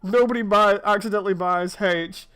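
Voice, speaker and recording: A man's voice: high voice, steady tone, normal speed, fairly bright tone, smooth, faint music behind. A man in his thirties, chatting casually and telling rambling stories while streaming a game. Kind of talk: casual chat while playing.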